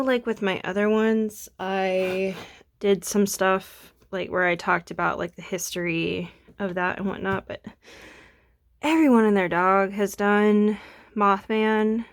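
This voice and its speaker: A young woman chatting casually while she draws, rambling and self-deprecating, a bit sniffly from allergies. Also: medium pitch. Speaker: art vlogger. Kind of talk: casual chat while drawing.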